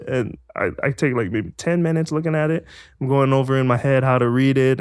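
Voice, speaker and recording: Animated man telling a story. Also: mid-range voice, brisk, clear, resonant tone, dry recording, clean studio sound. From Hawaii. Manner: animated, acts out voices in his stories. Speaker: guest actor. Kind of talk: casual storytelling.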